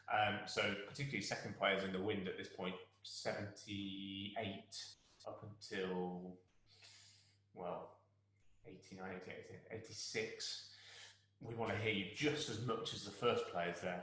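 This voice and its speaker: Casual: guy conductor coaching his players, kinda low voice, big echo all round. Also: fairly bright tone. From England. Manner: encouraging, sings phrases to demonstrate. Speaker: orchestra conductor. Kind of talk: rehearsal guidance to musicians. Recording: very echoey room.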